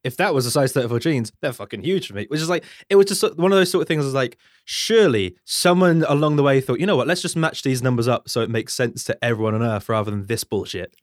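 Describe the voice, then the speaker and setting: A man's voice: mid-range voice, quick pace, few pauses, no room sound, studio quality. A man co-hosting a podcast, joking and swearing in casual chat. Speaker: podcast co-host.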